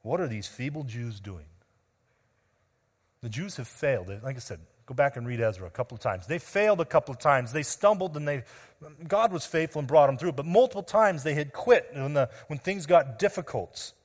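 A man preaching an expository sermon as pastor, earnest, addressing the men and women before him, often dropping quietly at the ends of phrases. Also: on the high side, animated, brisk. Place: church sanctuary. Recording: long reverb of a large room.

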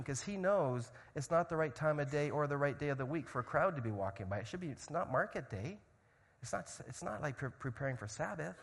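A man preaching a sermon, telling a story dramatically and swinging from loud shouts to hushed tones. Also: a little high, lively intonation, a little fast, vocal fry, in a large hall.

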